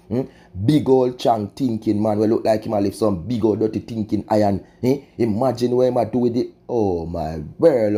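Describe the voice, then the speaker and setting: Jamaican man, patois commentary, very dark mellow tone, emphatic, rhetorical asides. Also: mid-range voice. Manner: emphatic, preachy, peppers talk with rhetorical asides. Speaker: vlogger.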